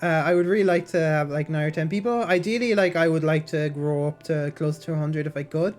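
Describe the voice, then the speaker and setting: A woman's voice: low-pitched, fairly quick, darkish tone, soft background music. A woman streaming, chatting and reading aloud with a slightly nasal voice and a sore throat, rambling through fillers and restarts. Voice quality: somewhat nasal. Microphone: basic mic, no headset.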